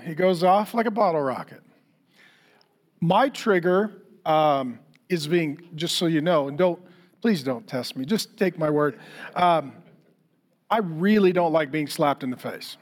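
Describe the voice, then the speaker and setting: A middle-aged male pastor with a notably high voice delivers a sermon. He tells animated, funny stories and keeps turning to the congregation with direct questions. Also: measured pace. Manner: lively storytelling, acts out quotes for humor.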